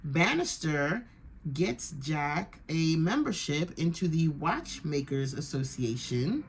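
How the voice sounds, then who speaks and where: A woman's voice: deep voice, big pitch swings, slow pace, slight background noise. Chatty woman rambling through a recap. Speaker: TV reaction vlogger. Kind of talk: casual episode recap.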